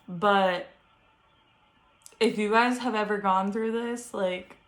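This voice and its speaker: Casting note: young woman, casual vlogger, unhurried chatty storytelling. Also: medium pitch. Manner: chatty, frequent fillers, animated retelling.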